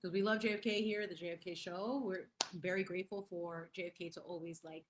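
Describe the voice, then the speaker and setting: Woman chatting w her stream, slangy and animated, tosses in spanish bits, reads the chat out loud. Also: on the low side, fairly quick, background noise. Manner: laughs often and reads chat aloud. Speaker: livestream host. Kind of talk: casual livestream chat.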